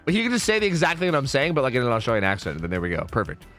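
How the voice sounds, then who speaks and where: A man's voice: mid-range voice, wildly swooping pitch, racing, fairly bright tone, soft background music. A young American man chatting casually and profanely while streaming a game, reading chat aloud.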